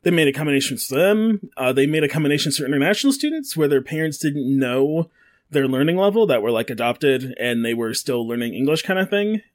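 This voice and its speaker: A man's slightly high, expressive voice moves briskly as he co-hosts a casual podcast. His storytelling rambles, full of fillers and false starts.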